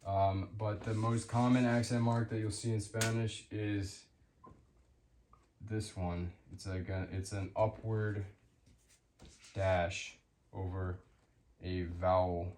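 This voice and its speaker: A man giving an unscripted language lesson, pausing often with ums and restarting his sentences. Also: on the low side, fairly even intonation, darkish tone, reverberant, a little hiss or hum. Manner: hesitant, with many ums and restarts. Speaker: language teacher.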